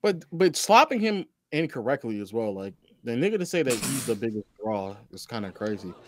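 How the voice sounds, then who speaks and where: A man in casual chat with a middle-pitched voice, brash and boastful as he trash-talks. The sound is dry and close, with no room behind it. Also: sing-song, a little fast, no echo.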